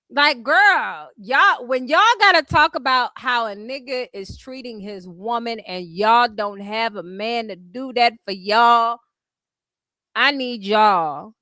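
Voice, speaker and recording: A woman's voice: a little high, pushed and bright, dry recording. A woman from California with a Californian accent, ranting bluntly and profanely at trolls on her commentary vlog. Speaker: YouTube commentary host.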